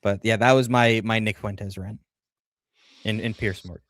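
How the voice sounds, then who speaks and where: A man's voice: on the low side, fairly even intonation, moderate pace, a bit bright, no room sound. A man chatting casually on a livestream, rambling through a story and reading viewer comments aloud. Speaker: livestream co-host.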